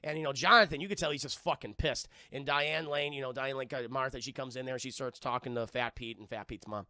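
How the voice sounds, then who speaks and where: A man reviewing a film on a live stream to his chat, animated and profane, acting out scenes as he retells them. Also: mid-range voice, fast, no echo, clean studio sound.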